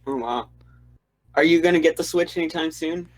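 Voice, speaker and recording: A man's voice: on the high side, normal speed, no room sound, rough recording. A man calling in to a live stream with casual, curious and somewhat hesitant questions. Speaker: caller.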